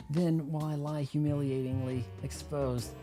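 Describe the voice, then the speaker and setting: A man voicing a fawning masochistic middle-aged male client in a high, squealing, begging voice. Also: level tone, normal speed, over music, close to an everyday voice.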